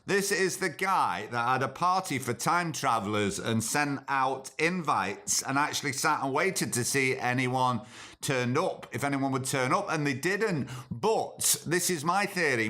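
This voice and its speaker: A man's voice: medium pitch, bright, forceful tone. A man hosting a podcast as a casual, jokey monologue full of sardonic asides. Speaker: podcast host.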